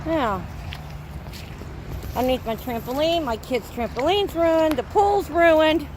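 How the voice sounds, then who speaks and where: A woman's voice: high voice, takes it slowly, darkish tone, a little hiss or hum. A woman filming her flooded back yard on her phone, upset and exasperated, telling the viewer again and again to look. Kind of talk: phone video walk-through, complaining. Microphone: handheld phone.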